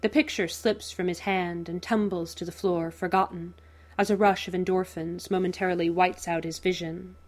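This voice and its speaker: A woman narrating fan fiction aloud in a slow, measured, even way. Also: on the low side.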